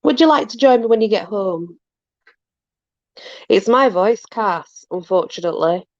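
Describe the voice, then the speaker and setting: A woman's voice: medium pitch, expressive, a little slow, no echo, muffled recording. A woman chatting casually, apologetic and self-deprecating, fussing over her dogs. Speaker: channel host with dogs. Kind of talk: casual chat.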